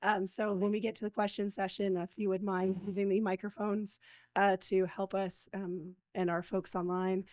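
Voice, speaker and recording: Hoarse woman introducing a lecturer. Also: mid-range voice, level tone, darkish tone, no room sound, low-quality recording. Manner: halting, with frequent fillers. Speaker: lecture series host. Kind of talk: introducing a speaker. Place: event space with a live audience. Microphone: microphone.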